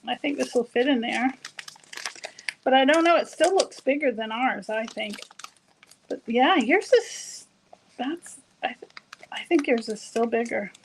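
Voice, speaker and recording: American woman guest, high-pitched, chatty and rambling, laughs easily. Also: unhurried, long pauses, a little hiss or hum. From Florida, USA. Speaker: guest crafter. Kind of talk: casual chat in a live craft class.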